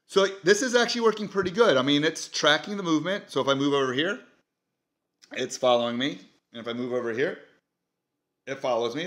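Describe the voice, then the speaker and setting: A man talks through a gadget demo in an easygoing, think-aloud way, with the odd filler. His voice is bright and forceful at a mid pitch. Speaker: product reviewer. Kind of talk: casual product demo.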